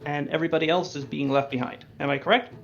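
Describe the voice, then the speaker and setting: A man runs a tabletop session as game master, his slightly high voice carrying a gravelly edge. He talks in a relaxed, thinking-aloud way with frequent fillers. The audio sounds dull and lo-fi. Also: fast talker.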